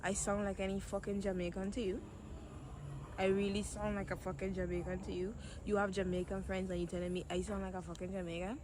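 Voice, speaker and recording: A woman's voice: mid-range voice, little pitch movement, brisk, background noise. A woman talking back sharply and bluntly, swearing often. She is recorded outdoors, with faint street sound around her. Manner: blunt, cursing, scolding. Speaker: passer-by being pranked.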